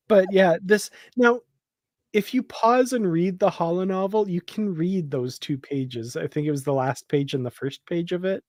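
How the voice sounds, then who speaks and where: A man's voice: high-pitched, takes it slowly, no echo, studio quality. A man co-hosting a casual fan discussion, enthusiastic and laughing often, with lots of fillers. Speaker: podcast co-host.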